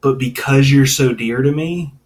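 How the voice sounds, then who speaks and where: A man voicing a devoted grown son who gently reassures his mother. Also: mid-range voice, moderate pace, voice pushed up, close to an everyday voice. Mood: tender.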